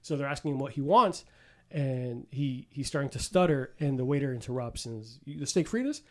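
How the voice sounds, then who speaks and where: A man hosting a casual podcast chat, retelling film and show scenes with lots of swearing and quick impressions. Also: medium pitch. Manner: animated storyteller, swearing, acting out film scenes. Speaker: podcast host.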